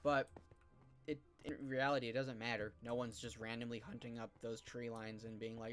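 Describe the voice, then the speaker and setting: A man's voice: mid-range voice, steady tone, normal speed, clean tone. A man from California hosting a live game stream, chatting casually and thinking aloud with lots of fillers. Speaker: streamer and host. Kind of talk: casual chat while gaming.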